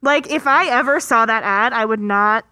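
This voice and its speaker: A woman's voice: fairly high pitch, normal speed, bright, forceful tone, smooth, no room sound, clean studio sound. A woman co-hosting a casual movie recap, chatty and full of "like" fillers, who laughs easily. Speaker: podcast co-host.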